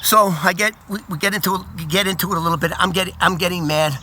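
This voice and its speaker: A man in his sixties telling a story from his own past, animated and casual, often repeating words as he goes. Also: high-pitched, fast, slight background noise. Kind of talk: casual first-person storytelling.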